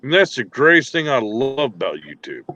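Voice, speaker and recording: A man's voice: mid-range voice, very animated, moderate pace, pushed and bright, no echo, muffled recording. A man guesting on a livestream, earnestly thanking the hosts who helped his channel. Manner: earnest, grateful. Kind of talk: casual livestream chat.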